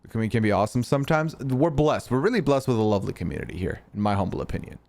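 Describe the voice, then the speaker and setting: A man's voice: medium pitch, very animated, racing, gravelly, a little mellow. A young man from Canada, hosting a live stream in casual chat, answering his chat and teasing trolls with some swearing. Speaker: streamer host.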